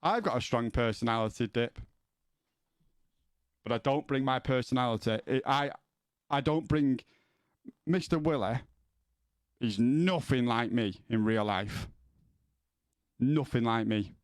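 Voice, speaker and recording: A man talks loosely to his stream audience, swearing freely and tripping over the starts of his sentences. His voice sits in an ordinary middle pitch. The sound is dry and close, with no room echo. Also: measured pace, long pauses. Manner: sweary, rambling, repeats words when starting. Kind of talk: casual chat with viewers.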